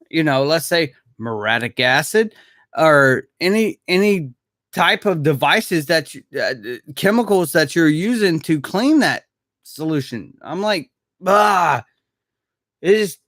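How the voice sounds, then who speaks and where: A man's voice: high voice, fairly bright tone, no room sound, clean studio sound. A man chatting casually on a live stream with viewers, laid-back and rambling, chuckling often and swearing now and then. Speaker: maintenance worker streaming live. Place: Jacksonville.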